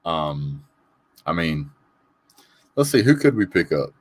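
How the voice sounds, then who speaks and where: A man's voice: very deep voice, big pitch swings, slow pace, slightly rough, no echo. A man hosting a casual live sports show, reading comments and greeting viewers by name in an opinionated, chatty way. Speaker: sports talk host reading live chat. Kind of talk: casual live call-in chat.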